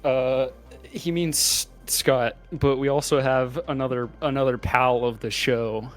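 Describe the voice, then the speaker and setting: A man's voice: medium pitch, steady tone, measured pace, faint music behind. Joking, rambling man hosting a podcast. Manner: joking, rambling, laughs often. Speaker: podcast co-host. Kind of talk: casual podcast chat.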